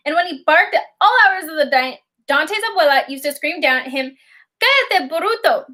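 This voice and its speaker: A woman reading a children's novel aloud as an audiobook narrator, in expressive, lively storytelling. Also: high-pitched, fairly quick.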